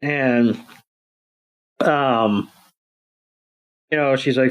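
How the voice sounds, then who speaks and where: A male podcast co-host, recapping an episode in loose, rambling casual chat at a mid pitch. He fills gaps with "um" and "you know" and slips into goofy voices for the characters. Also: measured pace, pauses often, muffled recording. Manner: rambling, many fillers, acts out quotes in silly voices.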